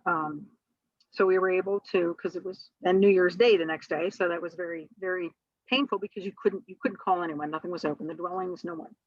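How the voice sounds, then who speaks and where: A woman's voice: lowish voice, steady tone, fairly quick, dry recording, muffled recording. A middle-aged woman, a guest on an interview show, tells a personal story in a rambling way, full of fillers and restarts.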